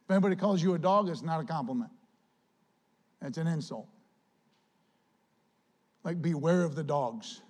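A male pastor with a high-pitched voice delivers a sermon. He swings between loud, climbing pleas and relaxed, joking asides to the congregation. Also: moderate pace, long pauses. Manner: impassioned, rising to near-shouts when quoting Paul; conversational asides and jokes.

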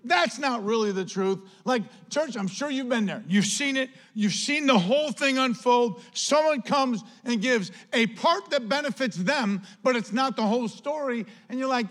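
A male pastor preaching a sermon with lively delivery, acting out quoted voices. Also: very high-pitched, moderate pace, hardly any pauses.

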